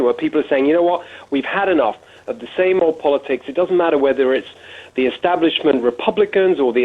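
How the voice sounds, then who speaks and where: Husky British man on a phone line. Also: fairly high pitch. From Britain. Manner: articulate, listing points in runs. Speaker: guest author. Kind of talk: radio interview.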